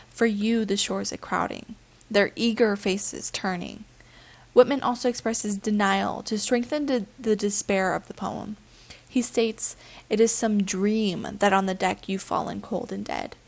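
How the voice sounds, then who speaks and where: A woman reading a prepared lesson on poetry aloud, evenly and carefully. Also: medium pitch. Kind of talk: read-aloud literature lesson.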